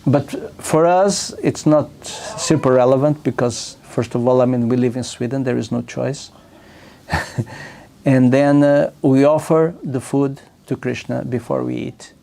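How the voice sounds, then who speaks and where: A man leading a scripture class, reading out a passage and then explaining it in loose asides with fillers and soft chuckles. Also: medium pitch, steady tone, a little slow, creaky. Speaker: temple class speaker.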